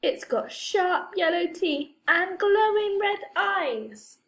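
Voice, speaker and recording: A woman voicing an excitable mischievous little boy in a storybook reading, raising her voice to high squealing cries. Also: slow pace, full character voice. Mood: playful.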